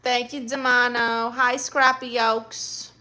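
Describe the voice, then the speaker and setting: Sassy bright-voiced woman livestreamer. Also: fairly high pitch, little pitch movement. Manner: sassy, teasing, quick comebacks. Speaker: livestream host reading chat. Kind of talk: casual livestream chat.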